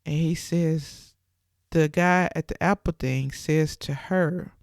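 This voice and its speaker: A woman's voice: low-pitched, fairly even intonation, slow, no room sound, clean studio sound. Chatty woman recapping a movie. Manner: chatty, retelling with filler words and quoted lines. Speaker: channel host.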